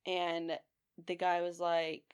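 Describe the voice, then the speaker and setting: A young adult woman, a podcast guest, telling a story in casual chat with lively delivery and frequent swearing. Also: fairly low pitch, takes it slowly, clean tone, highs cut off. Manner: animated storyteller, swears freely.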